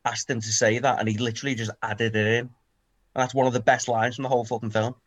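Scouse lad co-host, sweary and fired up, ordinary pitch. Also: male voice, quick pace. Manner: animated, sweary, excitable storytelling. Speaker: podcast co-host. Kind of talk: casual chat.

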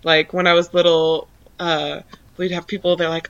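A woman's voice: lowish voice, level tone, normal speed, creaky, fairly bright tone, highs cut off. A young woman guest in casual chat, telling stories in a dry, self-mocking way.

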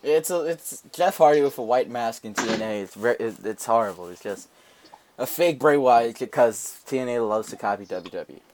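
A man's voice: medium pitch, animated, normal speed. A man co-hosting a casual podcast, blunt and sarcastic. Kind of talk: casual chat.

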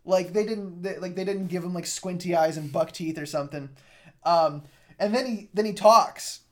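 A man's voice: high voice, normal speed. Laughing, crude-mouthed man reviewing a film. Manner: laughing often, crude and sarcastic. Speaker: podcast co-host. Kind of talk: casual movie review chat.

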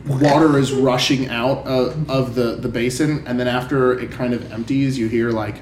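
A man's voice: mid-range voice, fairly even intonation, normal speed, darkish tone. A man narrating a tabletop game as dungeon master, hesitant and full of fillers. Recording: roomy, far from the mic, group noise.

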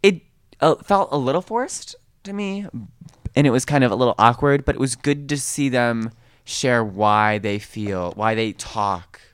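A man co-hosting a casual chat, rambling and self-correcting as he talks, quick to laugh. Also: mid-range voice, clear, resonant tone, dry recording, studio quality. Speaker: podcast co-host. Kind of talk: casual chat recapping a reality show.

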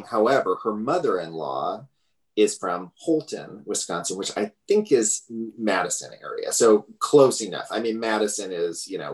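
Low-voiced man, hedging film talk. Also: poor audio. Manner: thoughtful, hedging. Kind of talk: casual film discussion.

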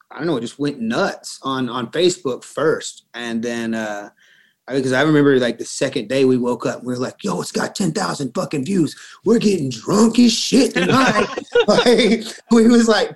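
Homem com sotaque sulista, conversa solta. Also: male voice, medium pitch. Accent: American Southern. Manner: loose, swearing, laughs often. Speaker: guest singer. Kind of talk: casual podcast chat.

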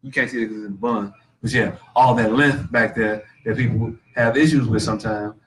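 A man's voice: fairly low pitch, fairly even intonation, a little fast, recorded from a distance, poor audio. A man, a guest comedian and actor, chatting casually on a podcast in a laid-back, slangy way, often repeating himself.

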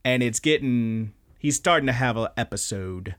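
A man's voice: medium pitch, expressive, moderate pace, fairly bright tone. A man chatting casually on a podcast, walking through the plot of an anime episode. He rambles, swears freely and trips over his own sentences as he goes. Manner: rambling, profane, self-interrupting. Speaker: podcast host. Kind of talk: casual anime recap chat.

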